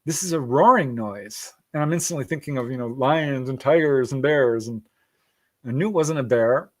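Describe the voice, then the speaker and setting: A man's voice: medium pitch, moderate pace, a little mellow. A middle-aged man telling a story as a podcast guest, acting out quoted voices and laughing often. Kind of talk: casual storytelling interview.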